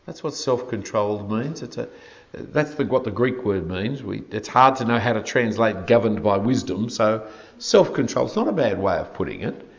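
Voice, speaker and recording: Male preacher, gravelly, animated pitch, wry asides, dull lo-fi recording. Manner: expository, dry humor, wry asides. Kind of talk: sermon.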